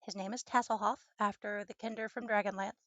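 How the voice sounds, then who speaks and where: A young woman chatting casually at home while studying, cooing baby talk to her dog in a creaky voice. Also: mid-range voice, fairly even intonation, quick pace, no room sound, lo-fi sound. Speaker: streamer. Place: home room with a desk and green screen.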